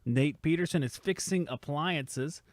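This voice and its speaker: A man's voice: on the high side, a little slow, dry recording. A man hosting a casual live stream from a home studio, reading chat comments aloud and teasing the commenters in a rambling, joking way.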